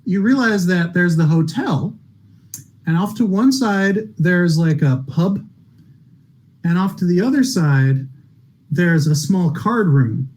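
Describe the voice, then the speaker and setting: A man's voice: sits high, lively intonation, slow, darkish tone, low-quality recording. A man narrating a tabletop game as game master, rambling through his scenes with many fillers and restarts and briefly voicing characters.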